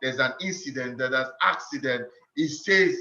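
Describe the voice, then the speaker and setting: A man's voice: medium pitch, moderate pace, sharp tone. A man giving a motivational teaching talk on leadership, earnest and instructive, often repeating phrases for emphasis. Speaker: leadership speaker. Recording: roomy, dull lo-fi sound.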